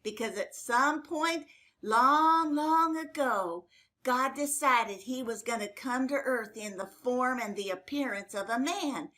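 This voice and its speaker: An older woman telling Bible stories to children in a folksy, chatty way, with fillers and lively exclamations. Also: a little high, slow. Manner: animated, exclaiming. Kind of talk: storytelling to children.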